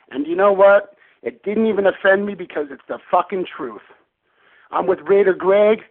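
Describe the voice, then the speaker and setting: A man's voice: high-pitched, vocal fry. A man calling in to a radio show, ranting in fury with heavy swearing about his team. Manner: furious, profane, exasperated. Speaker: caller. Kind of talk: angry fan rant. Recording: tinny phone line.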